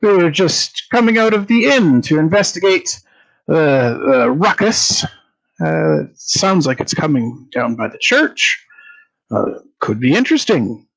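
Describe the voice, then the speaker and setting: A man's voice: on the high side, big pitch swings, a little slow, fairly bright tone, pitched above the performer's own voice, heavily acted, poor audio. A man voicing a pompous, courteous male traveler who speaks in a flowery, hesitant way. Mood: indignant. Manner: flowery, over-polite, hesitant.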